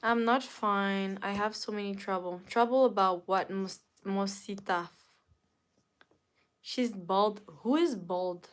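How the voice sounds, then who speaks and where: A woman hosts a casual live stream, unhurried and relaxed in pace. She chats playfully with her viewers, answers their comments and laughs easily. Her voice sits at an ordinary middle pitch for a woman. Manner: chatty, playful, laughs often, pleads for likes. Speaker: livestream host.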